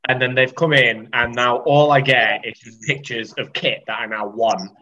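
A man's voice: mid-range voice, steady tone, normal speed, sharp tone, highs cut off. A man hosting a casual podcast chat over a video call, joking and laughing often. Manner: chatty, jokey, laughs often. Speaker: podcast host.

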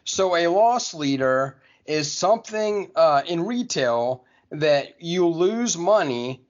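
A man co-hosting a podcast, explaining something patiently step by step, with small restarts and an easy chuckle. His voice sits a little high. The recording is dull and lo-fi. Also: expressive, takes it slowly. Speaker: podcast co-host. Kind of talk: casual podcast chat. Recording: dull lo-fi audio.

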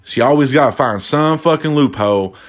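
A young man casually telling stories to his audience, animated and profane, acting out the voices of the people he quotes. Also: medium pitch, fairly quick. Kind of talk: casual storytelling monologue.

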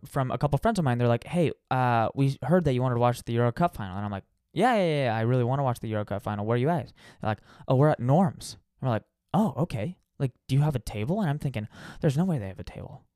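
A man's voice: medium pitch, quick pace, hardly any pauses, dry recording, clean studio sound. A man casually telling a long story in conversation, acting out the things people said. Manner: animated storyteller, restarts and acts out quotes. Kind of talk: casual chat.

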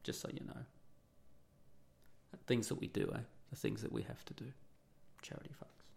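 A man's voice: moderate pace, darkish tone. A middle-aged man hosting an opinionated monologue, blunt and profane, firing off rhetorical questions.

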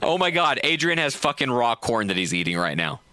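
A man's voice: mid-range voice, sing-song, brisk, pushed and bright, no echo. A man hosting a casual call-in podcast, teasing callers and laughing, a bit tipsy. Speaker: podcast host.

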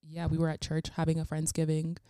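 Young woman interviewing on a podcast, low voice w/ fry, giggly and chatty, dry close mic. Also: monotone, a little fast, dark tone, no echo. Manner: bubbly, giggly, talks in long run-on stretches. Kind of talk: casual podcast chat.

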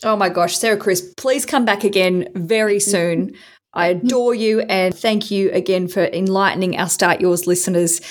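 A woman's voice: mid-range voice, moderate pace. A woman hosting a podcast, wrapping up an interview with enthusiastic praise and laughter. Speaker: podcast host.

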